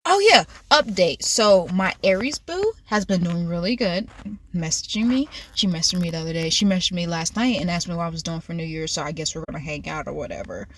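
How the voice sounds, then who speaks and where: A woman's voice: on the low side, a little fast, a little hiss or hum. A young woman vlogger telling a funny story in a casual, giggly way. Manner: giggly, animated, laughs through the story. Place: car.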